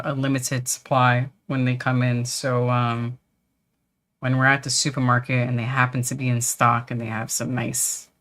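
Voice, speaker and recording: A woman's voice: a bass voice, a bit bright. A woman hosting a livestream, chatting casually and reading out viewer comments. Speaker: livestream host.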